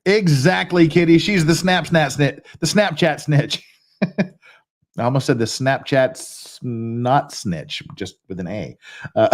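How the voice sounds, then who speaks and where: Speaking at a measured pace in a slightly high voice, the host of a casual livestream talks to his viewers with self-deprecating rambles, mild swearing, laughs and many restarts.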